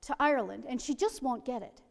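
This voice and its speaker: A woman's voice: high voice, a little fast, gravelly. A woman quoting her agitated, insistent elderly mother in a story. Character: fretful elderly mother, set on a journey. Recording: long hall reverb.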